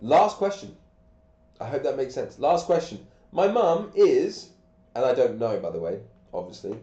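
A man's voice: mid-range voice, very animated, normal speed, dark tone. A man, sick and coughing, teaching grammar on a live stream with patient step-by-step questions. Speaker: English teacher. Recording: echoey, dull lo-fi room sound.

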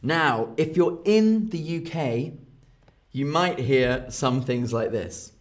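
Slow, playful British teacher. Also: male voice, medium pitch, lively intonation. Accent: British English. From Britain. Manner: slow, playful, often laughing at his examples. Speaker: English teacher. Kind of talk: live-streamed English lesson.

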